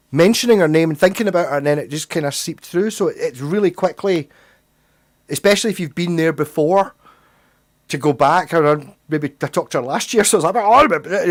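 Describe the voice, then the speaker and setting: A man's voice: a little high, a little fast. Sweary Glaswegian man chatting on a livestream. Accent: Glaswegian Scottish. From Scotland. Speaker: livestream host. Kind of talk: casual livestream chat.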